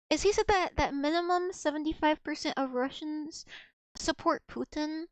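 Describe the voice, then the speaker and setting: High-pitched chatty young woman streamer. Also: moderate pace, no echo. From United States. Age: young adult. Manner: chatty, rambling with frequent restarts and giggles. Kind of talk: casual livestream chat.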